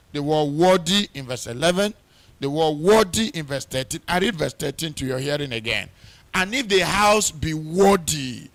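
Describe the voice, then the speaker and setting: A man's voice: a little high, creaky, fairly bright tone. A middle-aged man preaching at a pre-wedding church service, reading scripture aloud with rising emphasis, repeating words and using many fillers. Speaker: pastor. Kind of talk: wedding sermon.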